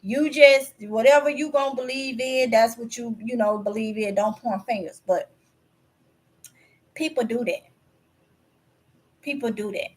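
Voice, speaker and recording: A woman's voice: on the high side, steady tone, measured pace, long pauses. A woman from Mississippi with a Mississippi Southern accent, telling stories to her vlog audience in a chatty, candid, folksy way. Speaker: vlogger. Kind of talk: casual storytelling to camera.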